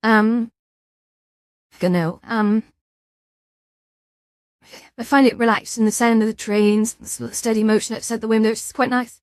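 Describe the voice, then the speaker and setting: Brief: sleepy woman streamer, higher-pitched, rambling chat, dry close sound. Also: steady tone, normal speed, long pauses, darkish tone, no echo. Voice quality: rambling, chatty, with frequent restarts and fillers. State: tired, yawning. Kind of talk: casual chat.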